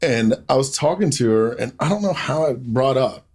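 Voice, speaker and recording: A man's voice: mid-range voice, lively intonation, normal speed, a little mellow. A man co-hosting a casual podcast, telling stories with joking asides. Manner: easygoing storyteller, joking asides. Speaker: podcast co-host. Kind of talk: casual chat.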